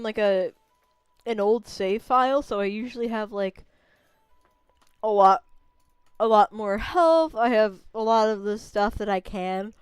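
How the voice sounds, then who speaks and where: A young woman talks casually over her gameplay, rambling and amused at herself. Her voice is high and very clear. The sound is close and dry, with no room to it. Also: no room sound. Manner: chatty, rambling, self-amused. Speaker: game streamer.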